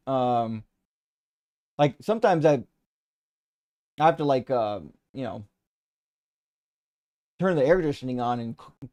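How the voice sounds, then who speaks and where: A man's voice: on the high side, warm tone. A man hosting a live debate stream, chatting casually and reading out viewer comments, rambling with lots of restarts and casual swearing.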